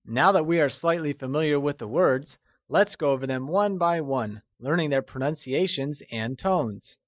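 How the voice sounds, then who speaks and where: A man narrating a scripted language lesson, slow and encouraging, with deliberate explanations. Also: on the high side, no room sound, dull audio. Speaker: language teacher.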